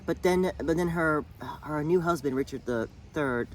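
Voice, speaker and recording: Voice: mid-range voice, moderate pace, slight background noise. A speaker casually retelling a TV drama to a friend, rambling with lots of fillers and restarts. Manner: rambling, many fillers and restarts, bursts of laughter. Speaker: channel host.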